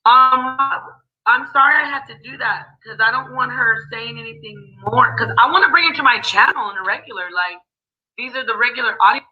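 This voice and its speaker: A woman hosting a livestream panel, apologetic and placating as she calms things down. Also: a little high, brisk. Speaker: livestream host. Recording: dull lo-fi stream audio.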